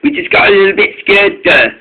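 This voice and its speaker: A man's voice: high voice, lively intonation, brisk, breathy edge, pitched above the performer's own voice. A man voicing jumpy male railway workmen, apologetic and nervous. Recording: tinny phone-like recording.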